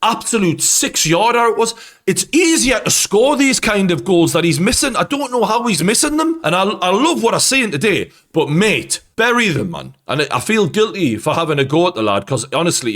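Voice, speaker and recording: A man's voice: on the high side, very animated, brisk, few pauses, a bit bright. A man giving an angry post-match football rant as host, swearing heavily. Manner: angry, heavy swearing, ranting.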